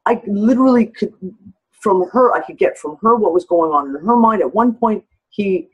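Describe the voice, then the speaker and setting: Woman chatting on a group call, husky, swears a lot and acts out other people's lines. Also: sits low, low-quality recording. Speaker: discussion participant. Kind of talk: casual group discussion.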